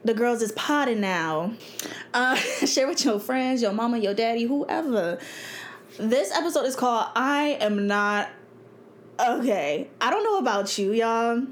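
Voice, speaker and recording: A woman's voice: a little high, animated, unhurried, a little hiss or hum. A young woman, hosting her own podcast in a blunt, chatty way and laughing often. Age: 20s. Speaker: podcast host. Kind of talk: casual solo podcast talk.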